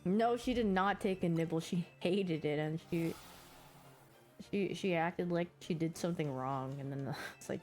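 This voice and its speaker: A woman's voice: lowish voice, unhurried, a little mellow, faint music behind. A woman streamer chatting casually and giggling, acting out her pet's reactions as she talks. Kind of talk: casual chat.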